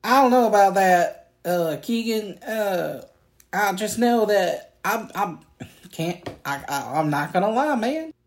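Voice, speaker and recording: A woman playing a loud, cranky redneck cousin with a drawl, indignant and complaining in an improvised comedy sketch. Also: medium pitch, lively intonation, slow, voice pushed up. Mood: exasperated. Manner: indignant, complaining, rising to shouts. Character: loud cranky redneck cousin, grown man, fishing expert.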